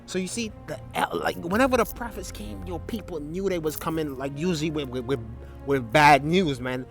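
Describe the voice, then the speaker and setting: A man's voice: a little high, moderate pace, creaky, faint music behind. A man giving a casual Bible study, talking loosely with filler tags and restarts and reading scripture passages aloud. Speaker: Bible teacher.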